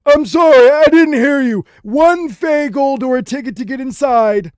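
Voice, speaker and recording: A man voicing a hard-of-hearing old goblin gatekeeper who shouts in a high old voice. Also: normal speed, smooth, dry recording, clean studio sound. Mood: shouting.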